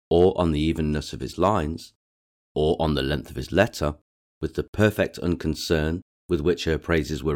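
A man narrates a classic novel in a steady, even audiobook reading. His voice is exceptionally low and deep, unhurried in its delivery. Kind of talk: scripted literary narration.

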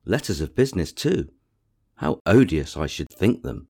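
A fawning, flattering young society lady, read by a man in a storybook, her praise pouring out eagerly. The voice sits very deep and low in pitch. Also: normal speed, gravelly, husky, exaggerated voice. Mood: gushing. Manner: gushing, eager to please.

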